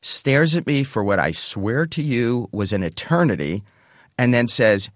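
A man in his sixties from the United States telling a first-person story, animated and acting out the voices of the people he quotes. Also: mid-range voice, measured pace, no room sound, clean studio sound. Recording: guitar music underneath.

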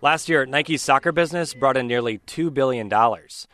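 A man with a mid-pitched voice narrates a radio news feature. He reads steadily and describes each scene plainly. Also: moderate pace, a bit bright. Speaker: reporter. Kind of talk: scripted news report.

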